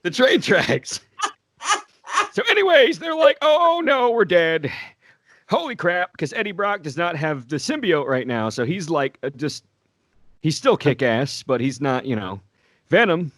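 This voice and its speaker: A man's voice: a little high, very animated, a little slow, a bit bright, dry recording, clean studio sound. A man putting on an old man voice as a podcast guest, laughing as he tells a story. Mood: storytelling. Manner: laughs through his own story. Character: slow-talking old man voice. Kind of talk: casual podcast chat.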